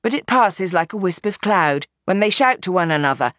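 A woman narrating a novel as an audiobook in an expressive, dramatic reading. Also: lowish voice, normal speed, no room sound, clean studio sound. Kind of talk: scripted narration.

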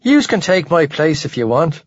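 A wisecracking young dealer, voiced by a male narrator, whose sarcastic lines swoop up and down in pitch. The voice is slightly husky, recorded dry and a touch dull. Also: sing-song, normal speed, dry recording. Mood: mocking. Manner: sarcastic, drawling jokes. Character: mocking young Irish drug dealer, wisecracking.

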